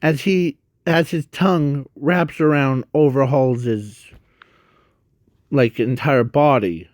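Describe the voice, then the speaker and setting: A man narrates a made-up fan story, rambling and halting and often stopping to correct himself. He speaks extremely slowly, in a middle-pitched voice. The sound is dry, with no room echo. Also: darkish tone.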